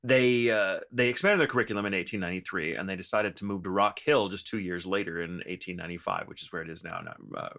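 A man's voice: low voice, fast, few pauses, bright, forceful tone. A man from Texas speaking in an affected mid-Atlantic accent, co-hosting a podcast in casual, theatrical chat and laughing often. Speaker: podcast co-host.

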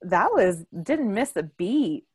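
A woman's voice: mid-range voice, takes it slowly, breathy edge, dry recording, studio quality. A young adult woman hosting a casual family chat, telling stories with lots of laughter. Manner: animated storyteller, laughs often, acts out quotes loudly. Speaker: podcast host.

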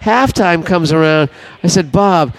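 Older man, podcast guest, rambling anecdote, swears freely, slightly high voice. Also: moderate pace. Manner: rambling, profane, animated anecdote teller. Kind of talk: casual storytelling.

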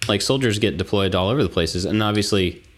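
A man's voice: fairly low pitch, fast, a little hiss or hum. A man hosting a casual chat in a laid-back, self-deprecating way. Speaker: podcast host.

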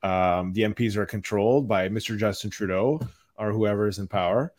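Low voice podcast host guy, indignant, lots of um and you know. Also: moderate pace, darkish tone. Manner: indignant, questioning, many fillers. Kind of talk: political podcast chat.

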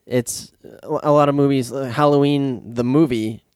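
A man's voice: medium pitch, steady tone, normal speed, a little mellow, clear, resonant tone, no room sound. Easygoing man rambling about a movie. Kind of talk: casual podcast chat about movies.

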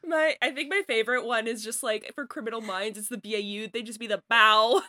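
Young woman, bright and dry-sounding, giggly, animated casual chat. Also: fairly high pitch, brisk, no room sound. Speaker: player.

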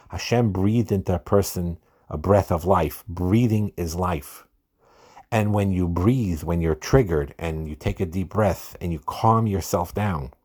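Low-pitched male podcast host, earnest and unscripted, repeats as he goes. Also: a little mellow. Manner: earnest, repeats words when starting a thought. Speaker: podcast host giving marriage advice. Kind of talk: solo podcast talk.

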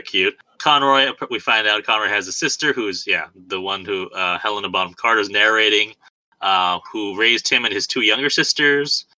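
A man's voice: on the low side, normal speed, sharp tone, dry recording, rough recording. A man co-hosting a podcast in casual film review chat, chatty and self-deprecating, laughing often. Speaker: podcast co-host.

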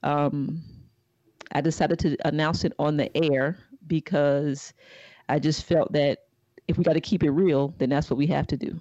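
A woman co-hosting a podcast, telling news in a casual, playful, deadpan way. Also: low voice, normal speed, dry recording, lo-fi sound. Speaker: podcast co-host. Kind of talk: casual comedic chat.

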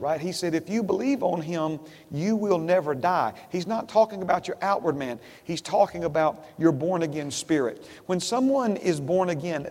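A man's voice: high voice, a little mellow, in a large hall. A man preaching a sermon as pastor to his congregation, repeating phrases and asking them questions. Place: church sanctuary.

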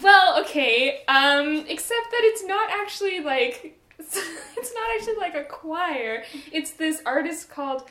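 A woman guest chatting casually, laughing her way through a funny story. Her voice sits high, and the room adds a clear echo. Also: animated, a little slow, pushed and bright. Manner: giggly, storytelling with frequent laughs. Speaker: guest musician. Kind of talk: casual chat.

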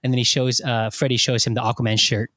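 A man's voice: medium pitch, fast talker, dry recording. Guy rambling about a movie, lots of ums and restarts, dry close mic. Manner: rambling, animated retelling with many fillers and restarts. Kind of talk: casual chat.

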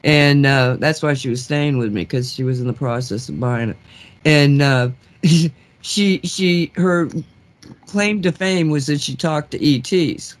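A woman's voice: sits low, a little slow. Woman host, casual storyteller, rambling, many restarts, laughs a lot. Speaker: talk show host.

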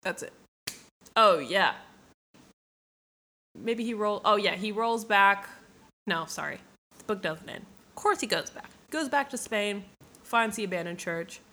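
Give me a young woman with a bright voice, casually retelling a story with profanity and asides. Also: mid-range voice, unhurried, long pauses. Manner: animated, profane, lots of fillers and asides. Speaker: book summarizer.

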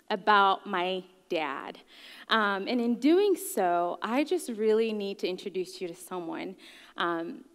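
A woman's voice: mid-range voice, a bit bright, smooth. A woman in her thirties from Gabon giving a candid, joking talk about her life, with many ums. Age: 30s. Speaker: guest speaker. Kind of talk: personal story talk. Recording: long hall reverb.

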